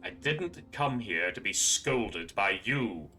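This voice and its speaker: A man's voice: on the low side, animated, slow, over music. A man streaming a game and commentating casually, sarcastic and jokey as he talks back to the characters. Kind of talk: casual commentary over gameplay.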